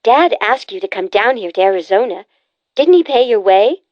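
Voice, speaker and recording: A woman's voice: medium pitch, expressive, normal speed, no room sound, lightly acted. Woman doing a bossy teasing sister, kinda muffled dull sound, audiobook voice. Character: brisk, teasing adult sister. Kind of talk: audiobook character voice.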